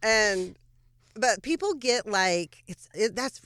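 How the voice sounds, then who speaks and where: A woman hosting a podcast, chatting casually and affirming her guest with soft asides. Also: mid-range voice, animated, moderate pace, no echo, studio quality. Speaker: podcast host.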